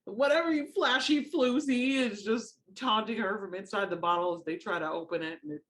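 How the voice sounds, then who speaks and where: A woman's voice: lowish voice, brisk, fairly bright tone. A woman guest co-hosting a podcast, chatting casually and chiming in with agreement. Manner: laid-back, chiming in with agreement. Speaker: guest co-host. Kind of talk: casual podcast chat recapping a soap opera.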